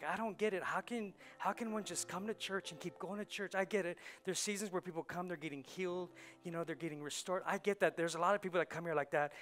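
A man preaching a sermon as pastor, swinging from hushed, quiet lines to loud, rising ones and repeating phrases for emphasis. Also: high voice. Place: church sanctuary.

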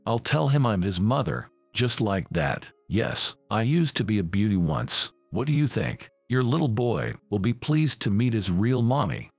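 A drunk and impudent woman, all taunts and brazen demands, as a male storyteller reads her lines. The voice is gravelly and husky, with a lively rise and fall. It sits close and dry in a quiet storybook reading. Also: fairly low pitch, normal speed, few pauses, no room sound, faint music behind, heavily acted. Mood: taunting.

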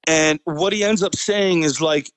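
Rambling veteran telling a war story. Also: male voice, on the high side, a little slow, no echo, poor audio. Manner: rambling, fillers, chuckles often. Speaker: military veteran guest. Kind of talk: casual storytelling.

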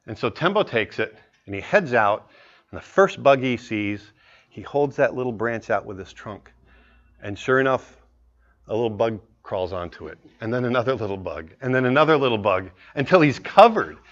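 A man in his forties, a guest speaker pitching an animated story with earnest, animated storytelling. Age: 40s. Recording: muffled lecture recording.

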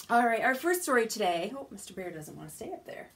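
A woman children's librarian leading a baby storytime from a small home studio, gentle and animated, often dropping to soft whispers. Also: a little high, fast, vocal fry, hardly any pauses. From United States. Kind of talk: baby storytime with rhymes and songs.

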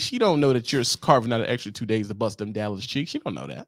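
Animated, profane trucker ranting. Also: male voice, medium pitch, fast talker, hardly any pauses, no room sound, studio quality. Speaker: trucker vlogger. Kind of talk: comic rant to camera.

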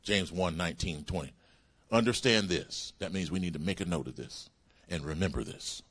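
A man preaching a sermon as pastor, calling out hallelujah and praise the Lord as his pitch swings up and down. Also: moderate pace, fairly bright tone, husky. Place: church sanctuary.

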